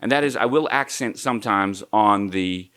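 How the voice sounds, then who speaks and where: Low-voiced man teaching guitar. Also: normal speed. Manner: easygoing, counts strums aloud, sings snatches of melody. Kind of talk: guitar lesson. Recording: guitar playing under the voice.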